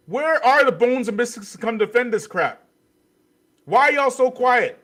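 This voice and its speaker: A man's voice: extremely high pitch, animated, a little slow, fairly bright tone. A man hosting a livestream commentary, scornful and repeating his points with rhetorical questions. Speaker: host.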